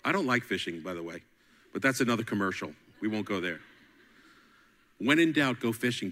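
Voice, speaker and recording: A man preaching a sermon, swinging dramatically between loud climaxes and hushed whispers and calling out to the congregation. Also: fairly low pitch, expressive, a little fast, long pauses, long reverb tail. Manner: call-and-response exhortations.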